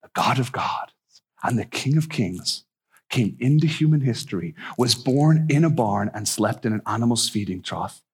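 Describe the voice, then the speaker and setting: A man's voice: medium pitch, lively intonation, moderate pace, slightly rough. A male missionary preacher giving a conversational, emphatic sermon with repeated phrases.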